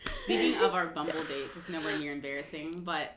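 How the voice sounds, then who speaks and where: Woman, 20s, podcast co-host; quick, chatty, offhand; roomy sound. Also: deep voice, steady tone. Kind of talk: casual chat. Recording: roomy with faint background noise.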